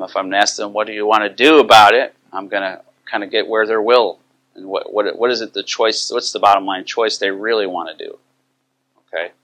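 A man's voice: lowish voice, a bit bright. A middle-aged man teaching about biblical counseling, telling a story and acting out the quoted dialogue in a conversational way.

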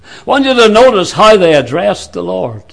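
A man preaching a sermon in a slow, deliberate way, with sudden drops to a hushed voice. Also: high-pitched, sing-song, vocal fry.

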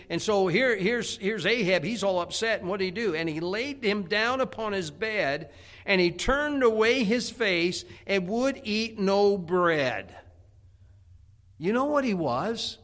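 A man preaching a sermon, telling a Bible story in a lively, dramatic way. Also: high-pitched, unhurried. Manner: animated storytelling preaching, acting out scripture characters.

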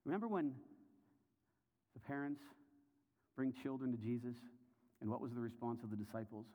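A man delivers a sermon with a mid-range voice and tells the passage as a vivid story. He poses questions to the listeners, dropping to hushed, low passages and then building to intense, raised ones. The recording has a long hall reverb trailing behind his words. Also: expressive, a little fast, long pauses. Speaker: preacher.

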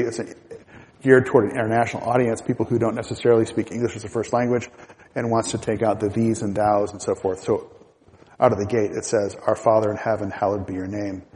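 Low, mellow man teaching a church class. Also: big-room sound, poor audio. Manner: relaxed, halting with fillers and restarts.

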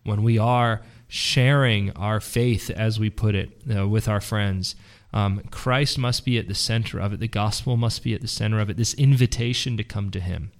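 Male host, lowish voice, reflective, measured questions. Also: fairly even intonation. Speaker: interview host. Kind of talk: conversational interview.

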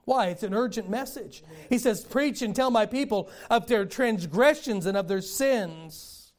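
An older man preaching a sermon in a folksy storytelling way, with sudden loud bursts. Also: sits high, a little slow. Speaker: pastor.

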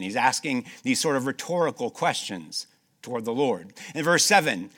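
Bright-voiced preacher man. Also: medium pitch, big pitch swings. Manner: swings between loud emphatic stretches and soft slowed passages; asks the congregation rhetorical questions, repeats key phrases. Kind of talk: sermon.

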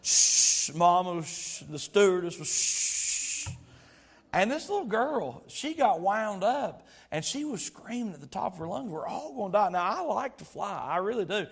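High-voiced male pastor preaching. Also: sing-song, slightly rough. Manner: storytelling with humor; preaching with drawn-out emphasis. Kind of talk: sermon.

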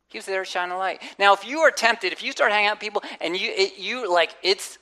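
A woman's voice: medium pitch, quick pace, few pauses. A woman pastor preaching a conversational sermon, acting out quotes and adding humorous asides. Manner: animated, acts out quotes and inner voices.

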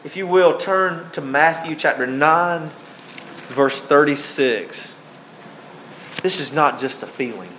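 A male preacher delivering a sermon, calling his listeners beloved and reading scripture passages aloud. He speaks in short, deliberate phrases with pauses between them. A faint air-conditioning hum sits behind his voice. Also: fairly high pitch, pushed and bright, poor audio.

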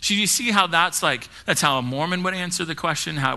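Male pastor, young adult, from the United States, fast, stumbling restarts, sharp ringing tone, slightly high voice. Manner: fast-talking with frequent restarts and repeated words. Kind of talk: sermon. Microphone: live-streamed church service.

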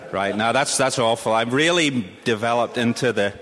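A man's voice: medium pitch, normal speed, fairly bright tone. A man with a Northern Irish accent, a mission director giving a blunt, humorous conference talk. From Northern Ireland. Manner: humorous and blunt, with self-deprecating asides. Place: church sanctuary. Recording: long reverb of a church hall.

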